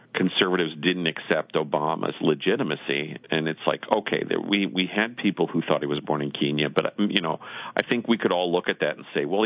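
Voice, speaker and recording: Deep-voiced male guest on a phone line. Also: no room sound. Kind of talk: conversational interview. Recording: tinny phone line, dry.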